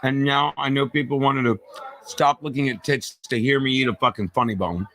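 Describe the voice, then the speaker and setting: A man's voice: mid-range voice, fairly even intonation, brisk, fairly bright tone, a little hiss or hum. A man in crude, rambling, self-mocking banter on a live stream, swearing freely.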